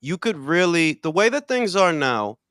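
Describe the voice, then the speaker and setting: Loud, lively older man hosting boxing talk. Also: fairly high pitch, moderate pace, smooth, no echo, clean studio sound. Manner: loud, profane, swings between shouting and muttering. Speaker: boxing podcast host. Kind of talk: casual chat.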